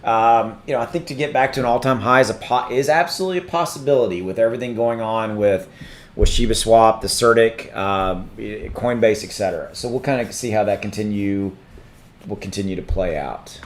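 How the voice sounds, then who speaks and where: A man hosting a casual crypto livestream, rambling and thinking aloud while he looks things up, his voice starting to go hoarse. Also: lowish voice, fairly quick. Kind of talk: casual live-stream chat.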